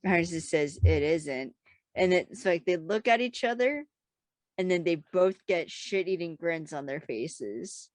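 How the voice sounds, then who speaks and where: A woman's voice: on the low side, animated, unhurried, no echo. A young woman co-hosting a casual podcast, retelling TV scenes with laughing asides. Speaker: podcast co-host. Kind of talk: casual recap chat.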